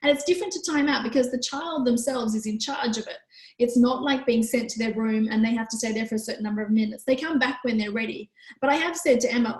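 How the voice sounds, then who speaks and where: A woman hosting a live online parenting workshop who answers questions in a gentle, calm, explanatory way. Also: fairly high pitch, quick pace, echoey room, poor audio. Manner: gentle, calm, explanatory, with frequent "you know".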